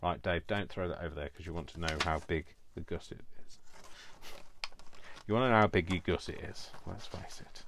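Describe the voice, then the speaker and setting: A man's voice: sits low, fairly quick, noisy background. A man in his fifties chatting casually and rambling with self-mocking asides while he does a craft project. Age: 50s. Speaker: craft vlogger.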